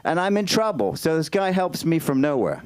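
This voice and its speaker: A man with an English accent doing stand-up at an open mic, chatty and halting as he tries out new lines. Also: a little high, very animated, clear, resonant tone. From Britain. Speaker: stand-up comic. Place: small comedy club stage.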